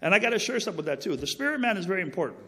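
Talking very fast in a high, slightly bright voice with big pitch swings, this man shares a personal faith testimony in a big-room space. It's casual storytelling that wanders into tangents he apologizes for, earnest and preachy, with key phrases emphasized.

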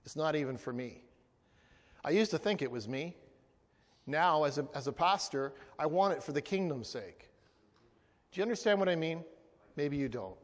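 A man preaching as a pastor, lively and playful, asking the congregation to repeat lines after him. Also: a little high, normal speed, pauses often. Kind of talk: sermon. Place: church hall. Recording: long hall reverb.

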